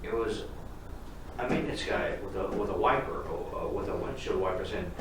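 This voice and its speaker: Dude telling a goofy story on a podcast, far from the mic, really echoey, noisy. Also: male voice, low voice, brisk. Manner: playful, loud voiced quotes. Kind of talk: casual storytelling. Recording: echoey room, distant mic, noise.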